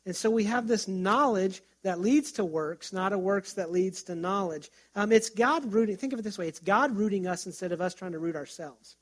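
Guy pastor w a high voice, chatty storytelling sermon, lots of little restarts. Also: normal speed, few pauses. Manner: conversational, storytelling with self-restarts.

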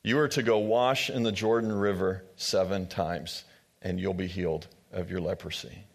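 A man as a calm, plain messenger. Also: sits low, normal speed, creaky. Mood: matter-of-fact. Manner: matter-of-fact instructions.

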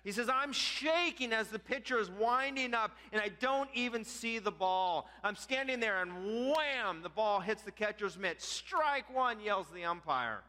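A man preaching a sermon, telling a story with animated acted-out quotes. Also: sits high, normal speed, hardly any pauses. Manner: animated, acts out quotes with rising voice. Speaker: pastor. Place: church sanctuary. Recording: church hall reverb.

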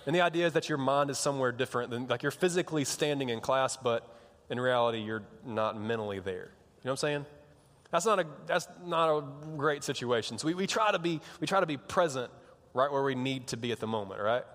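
A young youth pastor gives a sermon to students. He talks in a rambling, playful way, doubling back on his words and cracking jokes. His mid-pitched voice carries a long reverb from a large hall. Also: a little fast, fairly bright tone. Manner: rambling, joking storyteller with many restarts.

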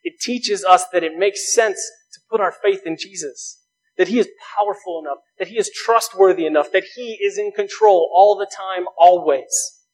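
A male pastor delivering a sermon in a notably high voice. He speaks earnestly, stacking rhetorical questions and pressing his points with rising emphasis. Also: normal speed, darkish tone, rough recording.

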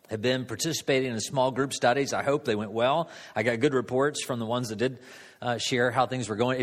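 Conversational pastor in a reverberant church. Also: male voice, fairly low pitch. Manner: conversational, halting with fillers. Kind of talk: sermon. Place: church sanctuary.

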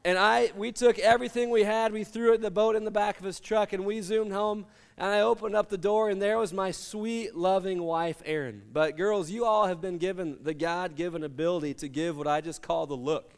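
A man's voice: high voice, fairly even intonation, brisk, gravelly, few pauses, clean tone, long reverb tail. A middle-aged man preaching a sermon, telling personal stories with humor and acting out the voices of the people in them. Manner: storytelling with humor, acts out quoted voices. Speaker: pastor.

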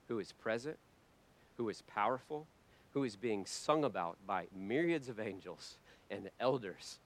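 A man preaching a sermon to his church, impassioned and swinging between hushed lines and loud ones. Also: mid-range voice. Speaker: pastor.

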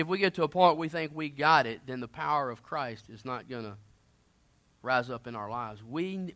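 A male preacher talks through his sermon in a conversational way, alternating booming emphasis with soft asides. His voice leans toward the high side.

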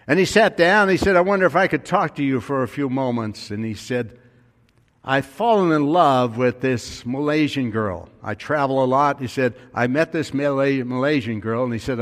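A man's voice: mid-range voice, in a large hall. A male pastor telling a story in a sermon, his voice rising and falling with emphasis.

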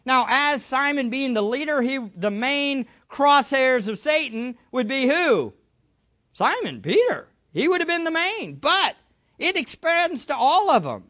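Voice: mid-range voice, fairly bright tone, dull audio. A preacher giving a sermon in an emphatic way, repeating key phrases and asking the listeners rhetorical questions.

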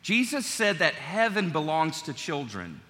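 A man's voice: a little high, big pitch swings, unhurried, pushed and bright. A middle-aged man preaching a sermon as pastor, in a conversational, joking way with his congregation, in a large church. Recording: long church hall reverb.

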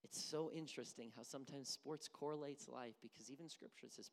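A pastor delivering a sermon, shifting between hushed near-whispers and loud, emphatic bursts. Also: medium pitch, brisk, vocal fry, in a large hall.

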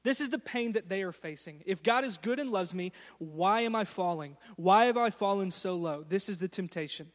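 A man's voice: high-pitched, animated, moderate pace, few pauses. A man in his thirties preaching a sermon, telling stories earnestly and with emphasis. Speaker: pastor. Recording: long hall reverb.

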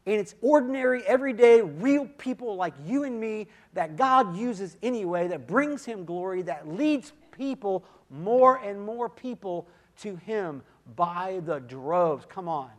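A man giving a sermon testimony, swinging from quiet, intimate moments to loud, emphatic calls, with repeated "come on" and "listen". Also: high voice. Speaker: guest speaker giving testimony.

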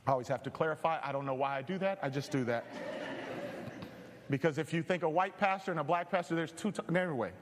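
A male pastor preaching a sermon with animated, joking storytelling. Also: a little high, fast talker, in a large hall, crowd noise.

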